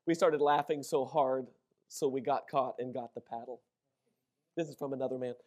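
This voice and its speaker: A middle-aged man preaching a sermon, telling funny personal stories with lively acted-out quotes. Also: medium pitch, moderate pace. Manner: animated storytelling, acts out shouted quotes. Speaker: pastor.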